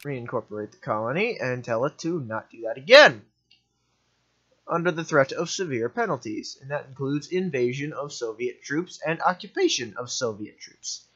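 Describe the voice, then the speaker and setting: A man's voice: medium pitch, lively intonation, moderate pace, fairly bright tone, slightly rough, muffled recording. A young man giving offhand, rambling commentary while playing a strategy game, often correcting himself. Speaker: gaming commentator. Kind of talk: let's play commentary.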